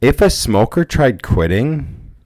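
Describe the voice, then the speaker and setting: A man's voice: mid-range voice, very animated, takes it slowly, darkish tone, no room sound, studio quality. A man co-hosting a podcast, chatting casually in a laid-back way and calling his co-host "dude". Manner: laid-back, says "dude" and "bro" a lot. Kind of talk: casual chat.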